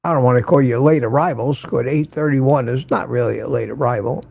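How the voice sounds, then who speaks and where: Gravelly older man chatting with viewers. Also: medium pitch, a little fast, a little mellow. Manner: chatty, greets viewers by name, wry asides. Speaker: livestream host. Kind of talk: casual morning livestream chat.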